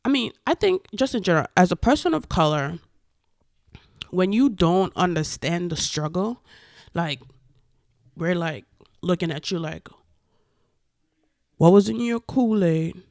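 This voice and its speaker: A woman vlogger giving casual opinion commentary, animated and profane, with emphatic outbursts. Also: fairly low pitch, measured pace, creaky, long pauses, no echo, studio quality.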